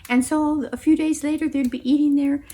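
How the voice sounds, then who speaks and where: A woman telling a story in an expressive, animated way, acting out voices and gasps. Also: sits high, brisk, heavy background noise. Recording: music playing behind.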